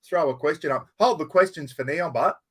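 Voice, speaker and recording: Aussie bloke running a live stream, casual, swears a bit, says g'day to everyone, kinda high voice. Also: male voice, fairly quick, husky. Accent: Australian. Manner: chatty, greets viewers by name, swears casually. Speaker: livestream host. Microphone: plugged-in microphone.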